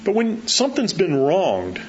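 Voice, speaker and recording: A middle-aged man preaching in a loose, conversational sermon, his voice leaping up in pitch when he presses a point. The recording sounds slightly dull and muffled, with a faint hiss of noise underneath. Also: measured pace. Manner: conversational, animated, acts out quotes with rising pitch. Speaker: pastor.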